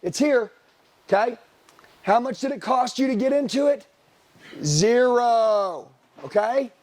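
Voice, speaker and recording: Brash male sales coach, high-pitched, dry close sound, blunt and profane. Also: expressive, takes it slowly, darkish tone, no echo. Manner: blunt, swearing, hammering questions at the room. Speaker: sales trainer. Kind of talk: profane motivational sales talk.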